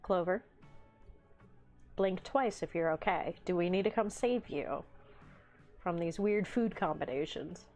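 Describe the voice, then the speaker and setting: A woman's voice: lowish voice, a little slow, long pauses, darkish tone, soft background music. A woman hosting a livestream in casual chat, reading the live chat aloud with playful teasing and frequent laughter. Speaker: livestream host.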